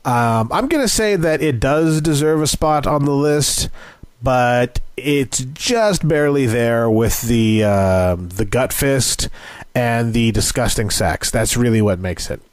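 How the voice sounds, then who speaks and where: A man's voice: medium pitch, slow pace, no echo. A man co-hosting a film podcast, giving a dry, sarcastic wrap-up in casual chat. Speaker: podcast co-host.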